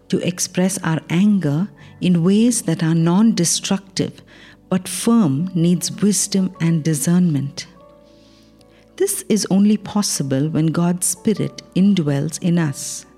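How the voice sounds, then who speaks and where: A woman reads a short Christian devotional in a calm, earnest, measured voice. Her tone is mellow and sits a little low. Soft music plays faintly behind her. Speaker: devotional reader. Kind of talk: read devotional.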